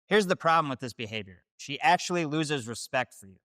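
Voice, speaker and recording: A man's voice: on the high side, lively intonation, brisk, fairly bright tone, no echo, clean studio sound. A man hosting, delivering scripted dating-advice commentary in a direct, declarative way. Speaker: host.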